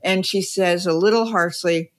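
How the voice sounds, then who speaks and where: A woman's voice: fairly low pitch, moderate pace. A woman guest on a conversational podcast, telling stories in a chatty way and laughing as she goes. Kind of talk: conversational storytelling.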